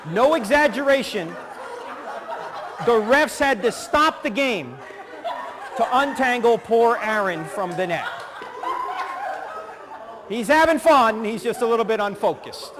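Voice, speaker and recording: A middle-aged man giving a humorous teaching talk, telling animated stories, acting out voices and laughing as he goes. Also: very high voice, a little slow, pauses often, a crowd in the background. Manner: animated storyteller who acts out voices and laughs. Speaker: speaker. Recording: long hall reverb.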